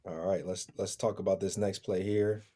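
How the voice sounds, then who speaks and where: A man joining a podcast as a guest analyst, breaking down football film in a measured, analytical way. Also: low-pitched, level tone, mellow, breathy edge. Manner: measured, analytical, chuckles between points.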